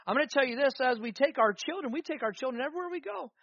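A man's voice: extremely high pitch, animated, racing, a bit bright, no echo, dull audio. A man preaching a sermon as pastor, with rising fervor and repeated emphatic phrases.

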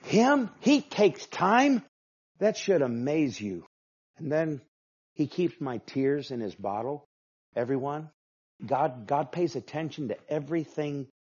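Husky-voiced man preaching a sermon. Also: fairly high pitch, animated, slow. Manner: emphatic preaching, swings from hushed to loud. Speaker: pastor. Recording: dull lo-fi sound.

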